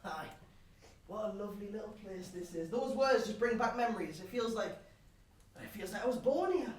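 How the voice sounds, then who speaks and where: A young man with a Geordie accent plays a brash, crude pub regular in his one-man live stage show, rambling, swearing and cheekily bantering with the crowd. His voice sits high and comes out animated and brisk. The sound is roomy and distant, captured from the stage with the audience laughing.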